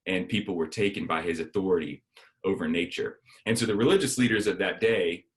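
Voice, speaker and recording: A man's voice: deep voice, brisk. A man giving a sermon as a guest speaker, telling a personal story and acting out the dialogue.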